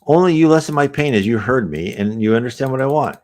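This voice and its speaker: A man's voice: medium pitch, lively intonation, fast, voice pushed up, natural voice. A man reading aloud as the confused spirit of a newly dead man, bewildered and pleading. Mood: pained.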